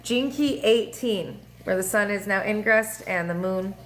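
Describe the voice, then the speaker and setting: A woman hosting a casual astrology livestream, talking in an animated, profane way with laughing asides and sing-song voices. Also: medium pitch, a little slow, a little hiss or hum. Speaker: livestream host. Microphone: phone or webcam mic.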